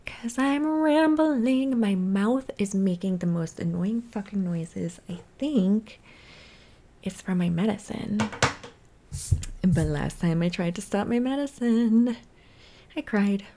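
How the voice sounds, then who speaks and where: A woman's voice: mid-range voice, takes it slowly, long pauses, mellow. A woman hosting her own podcast, chatting casually and rambling, often swearing at herself. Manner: rambling, self-deprecating, swears a lot. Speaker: podcast host. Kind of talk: casual solo podcast chat.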